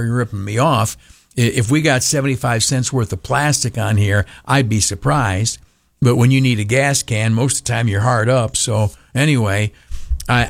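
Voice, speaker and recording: A man's voice: medium pitch, no echo, clean studio sound. Cranky us guy on talk radio, grumbling and sarcastic, lots of ums. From United States. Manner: cranky, sarcastic, with frequent fillers. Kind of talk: ranting monologue.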